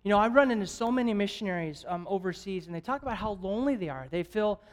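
A male evangelist gives a lively sermon to a church congregation. He tells his stories with animation and breaks into chuckles and jokes along the way. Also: high-pitched, quick pace. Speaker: guest evangelist. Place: church service.

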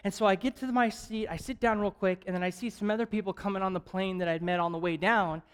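A male evangelist gives a lively sermon to a church congregation. He tells his stories with animation and breaks into chuckles and jokes along the way. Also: sits high, fast talker, smooth. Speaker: guest evangelist. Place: church service.

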